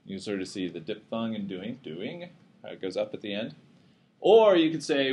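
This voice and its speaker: A man's voice: fairly low pitch, animated, moderate pace, a little mellow. Man lecturing in a casual, joking tone. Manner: casual, joking, self-deprecating. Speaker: psychology lecturer. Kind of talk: classroom lecture. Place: classroom with students.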